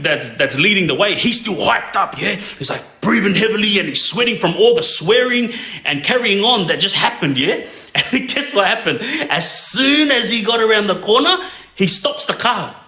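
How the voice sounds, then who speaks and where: A man tells a street story in a loose, rambling way, checking in with the listener every few lines. His voice sits a little high and sounds bright and forceful. The room around him is echoey. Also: expressive, moderate pace. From Australia. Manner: rambling, checks in with a constant "yeah?". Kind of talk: casual crime storytelling.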